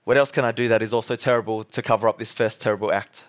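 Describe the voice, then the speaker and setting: A man's voice: fairly low pitch, fairly even intonation, quick pace, voice pushed down, natural voice. A man voicing a scheming, guilty ancient king with an Australian accent, in casual, offhand modern slang, inside a sermon. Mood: sheepish.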